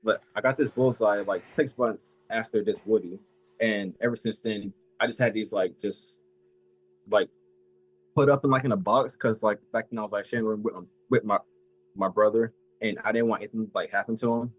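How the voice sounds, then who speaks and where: An eighteen-year-old man chatting casually as a collector guest, halting and filling every pause with "like". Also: on the low side, fairly even intonation, no room sound, rough recording. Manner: halting, fills with "like" a lot. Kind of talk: casual chat.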